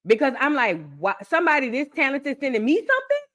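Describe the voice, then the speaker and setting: A young woman chatting excitedly with her viewers on a live stream, repeating phrases for emphasis. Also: high-pitched, fast talker, highs cut off. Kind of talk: casual live-stream chat.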